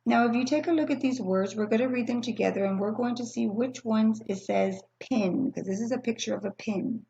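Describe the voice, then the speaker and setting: A woman teaching a recorded phonics lesson to young children, speaking patiently and slowly, spelling out sounds and pausing for answers. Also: fairly high pitch, gravelly, warm tone, muffled recording. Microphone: screen-recording computer mic.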